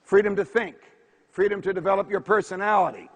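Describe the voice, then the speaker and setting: A man's voice: sits high, fairly quick, breathy edge, dull audio. Emphatic man giving a speech. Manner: emphatic, rhetorical lecturing. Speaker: speaker. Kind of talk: political speech. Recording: reverberant hall.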